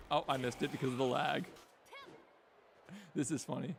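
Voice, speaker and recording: Gravelly man reacting to a laggy game. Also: medium pitch, normal speed, a little hiss or hum. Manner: excitable, laughing reactions. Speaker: streamer playing a fighting game. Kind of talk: casual gameplay chat.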